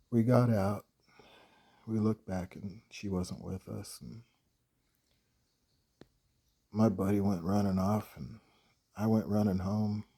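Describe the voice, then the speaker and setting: Gravelly, husky man telling a story. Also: deep voice, warm tone. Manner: halting, hesitant, with many pauses. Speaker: horror writer. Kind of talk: personal storytelling.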